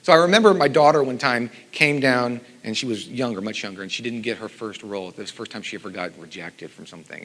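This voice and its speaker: A middle-aged man, a composer and teacher, giving a conference talk with animated storytelling and lively voiced quotes. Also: medium pitch, fast talker, few pauses. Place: conference hall. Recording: long hall reverb.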